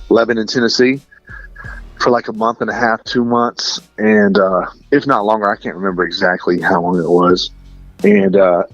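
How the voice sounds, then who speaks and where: Casting note: talkative male interview guest with a lowish voice, loose and casual, recorded dry with a muffled, lo-fi sound. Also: no echo. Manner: chatty, says "dude" and "like" a lot, laughs between lines. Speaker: interview guest, Christian musician. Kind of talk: casual storytelling.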